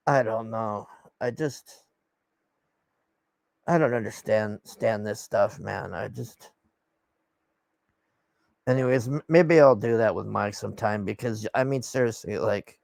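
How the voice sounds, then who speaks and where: A man with a medium-pitched, fry-laden voice rants casually at his camera, rambling and exasperated. He swears a lot and lets his thoughts trail off into sighs. This vlogger is recorded cleanly with no echo.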